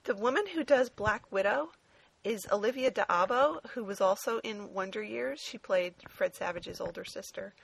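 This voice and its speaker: A woman talks through a film in a casual review chat, frank and chatty and dropping swear words without a pause. Her voice sits at an ordinary pitch for a woman. The sound is close and dry, with no room around it. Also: creaky, breathy edge, dry recording. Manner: frank and chatty, swears freely, many ums.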